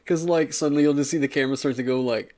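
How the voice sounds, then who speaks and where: A man's voice: mid-range voice, steady tone, rapid-fire, a little mellow. A man chatting casually on his livestream, rambling with lots of fillers in an upbeat way. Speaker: streamer. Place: home streaming setup.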